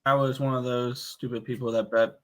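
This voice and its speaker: A man with a bright, forceful voice talks bets in a dry, matter-of-fact way. It is casual co-host banter on a live stream. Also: mid-range voice, level tone, fairly quick.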